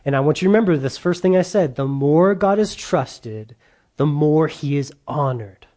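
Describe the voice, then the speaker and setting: A man's voice: on the high side, lively intonation, moderate pace, warm tone. A male pastor preaching a conversational sermon, repeating key lines for emphasis.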